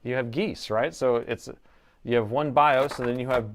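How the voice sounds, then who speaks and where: Middle-aged man, live-stream repair host, excitable and chatty with viewers. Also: medium pitch, moderate pace, a little hiss or hum. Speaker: host and laptop repair technician.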